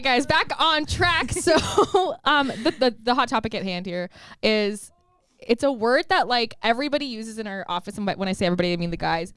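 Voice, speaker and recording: A woman's voice: on the high side, a bit bright, clear, resonant tone, no echo, studio quality. A young woman hosting a casual podcast chat, giggly and rambling with lots of fillers. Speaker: podcast host.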